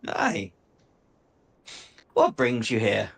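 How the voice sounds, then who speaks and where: A man's voice: mid-range voice, wildly swooping pitch, very slow, gravelly, a bit bright, breathy edge, exaggerated voice. A man voicing a friendly male gnome tinkerer in a put-on Irish accent, chatty and welcoming.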